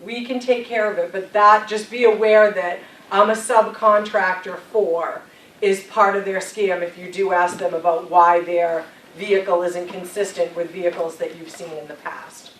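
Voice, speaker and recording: A woman's voice: fairly low pitch, fairly even intonation, moderate pace, few pauses. A woman police officer speaks to a community audience, giving plain, direct advice in a reassuring tone. She sounds distant from the mic, and the room echoes noticeably around her voice. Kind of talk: community presentation.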